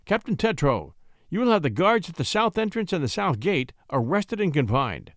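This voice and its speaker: Man playing a harsh stern duke, commanding, fairly high voice, very lively pitch, dry sound. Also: moderate pace, dry recording. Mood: urgent. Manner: commanding, clipped orders. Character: stern harsh male duke, suspicious and zealous.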